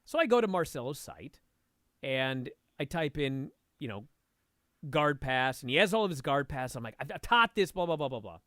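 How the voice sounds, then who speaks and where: A man talking as a guest and instructor, telling a story in a casual, animated way and swearing freely. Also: medium pitch, normal speed, no echo, clean studio sound. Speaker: podcast guest, martial arts instructor.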